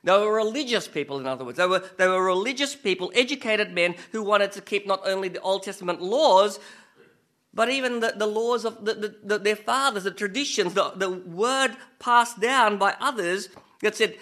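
A man's voice: sits high, moderate pace, a bit bright. A man preaching a conversational sermon who keeps asking his listeners rhetorical questions and jokes about himself. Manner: asks the listeners rhetorical questions, chatty and self-mocking.

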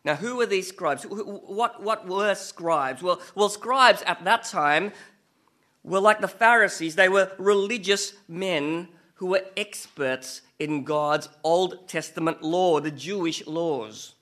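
This man preaches a conversational sermon, chatty and self-mocking, constantly putting rhetorical questions to his listeners. His high voice is bright and forceful, and he takes things slowly.

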